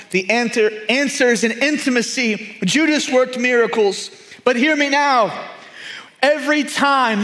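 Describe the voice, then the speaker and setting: A man preaching a sermon, emphatic and repetitive, often dropping to a hushed, intense tone. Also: sits high. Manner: emphatic, repeats key phrases, drops to hushed intensity.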